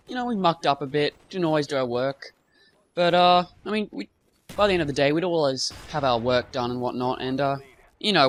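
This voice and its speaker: A man's voice: fairly high pitch, a bit bright. A young man telling a rambling school story while commentating on gameplay, full of fillers and asides. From half British. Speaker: gaming commentator. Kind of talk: casual storytelling over gameplay.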